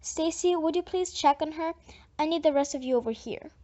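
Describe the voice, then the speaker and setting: A woman voicing a busy young mother who gives quick, friendly directions. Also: high voice, dark tone, close to an everyday voice. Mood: brisk. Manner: brisk and directing. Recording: dull lo-fi audiobook recording.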